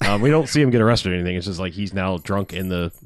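A man with a fairly low voice chats casually through a movie's plot, acting out snippets of the characters in quick put-on voices. The sound is dry and close, with no room around him. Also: animated, no room sound. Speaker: podcast co-host. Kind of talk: casual movie review chat.

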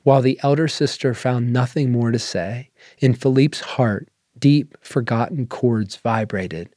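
A man reading a literary story aloud in measured, unhurried narration. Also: mid-range voice, mellow, dry recording, clean studio sound. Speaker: story reader. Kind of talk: scripted narration.

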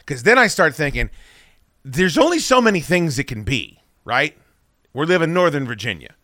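Animated, swearing male podcast host. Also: a little high, moderate pace, dry recording, studio quality. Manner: profane, animated, acts out his own shouting. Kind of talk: casual storytelling.

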